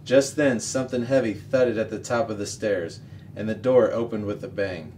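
Male reader, children's novel read-aloud; low, expressive, distant mic. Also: moderate pace. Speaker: story reader. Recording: distant mic, faint noise.

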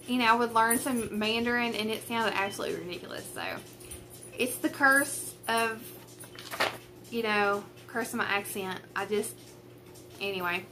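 Her voice on the high side, bright and forceful, a young woman from the rural US South talks casually to camera about cross-stitch. She's a craft vlogger recording at a table at home on a tripod camera with a ring light, rambling and self-deprecating.

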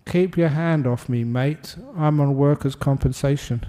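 A man's voice: on the high side, measured pace, warm tone, close to an everyday voice. A man voicing a blunt, casual male pub-goer in a joke, matter-of-fact.

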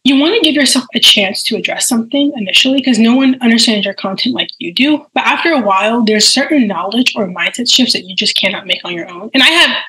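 Young woman, podcast guest, rapid chatty delivery, slightly high voice. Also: sharp tone, poor audio. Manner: fast, chatty, many fillers, acts out quotes. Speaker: guest, nail care content creator. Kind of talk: casual podcast chat.

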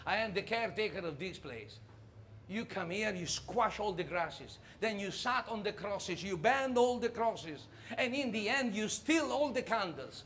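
Guy doing grumpy greedy graveyard caretaker, bossing ppl out, high voice. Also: animated, a little slow, a bit bright, a little hiss or hum, full character voice. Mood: scolding. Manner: scolding, shooing people off.

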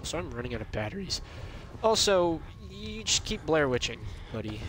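A man's voice: a little high, very animated, normal speed, a bit bright, a little hiss or hum. A young man giving casual, jokey let's-play commentary, chatting to himself as he plays. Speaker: gaming video creator.

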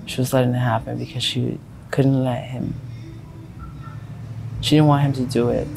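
A man in his twenties telling his story in a street interview, rambling, halting and repeating himself. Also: mid-range voice, little pitch movement, gravelly, music in the background, poor audio. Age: 20s. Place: outdoors on a city street.

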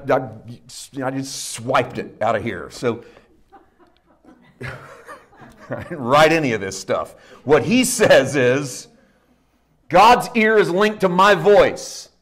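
A middle-aged man preaching a sermon, dropping into hushed low asides and rising to loud emphatic peaks. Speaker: pastor.

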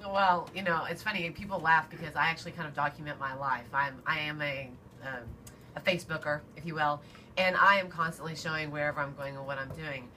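A woman's voice: sits low, steady tone, fairly quick, bright, forceful tone, slight background noise. A woman co-hosting a radio talk show, telling a reflective personal story.

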